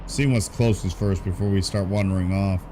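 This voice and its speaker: A man casually commenting on his own gameplay for a live stream, thinking aloud, yawning and drowsy in a warm room at home. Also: low-pitched, fairly even intonation, a little fast, background noise. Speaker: gaming streamer.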